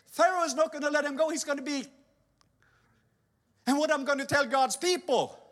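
A man voicing an anxious, stammering Moses who protests in a high, hurried voice. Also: fairly bright tone, big-room sound. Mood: pleading. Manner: high, fast, flustered protesting.

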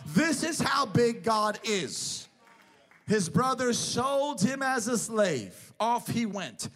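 High-voiced man preaching an emphatic sermon. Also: big pitch swings, slow pace, a bit bright. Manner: emphatic, builds repeated parallel phrases.

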